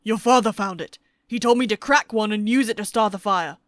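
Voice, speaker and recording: A woman's voice: medium pitch, brisk, a bit bright, dry recording, studio quality, natural voice. A woman voicing a flustered older man working on a ship in an audiobook. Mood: explaining. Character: older male ship's hand, anxious.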